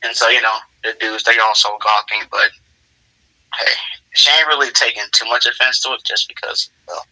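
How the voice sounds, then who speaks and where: A man's voice: mid-range voice, steady tone, normal speed, bright, forceful tone, rough recording. A man casually improvising a role-play story with lots of fillers. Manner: casual, rambling, many fillers.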